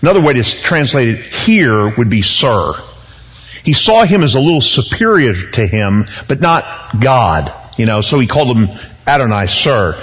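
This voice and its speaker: A man's voice: mid-range voice, sing-song, moderate pace, a bit bright, muffled recording. A man in his sixties preaching a conversational verse-by-verse sermon, with joking asides and repeated words. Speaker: pastor. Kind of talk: expository sermon.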